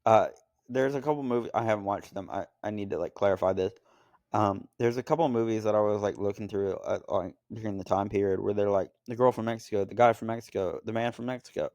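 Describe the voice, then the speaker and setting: Rambling low-voiced man chatting casually. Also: quick pace, darkish tone, no room sound. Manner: rambling, filler-heavy, jokey impressions. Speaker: podcast co-host reviewing films. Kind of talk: casual chat.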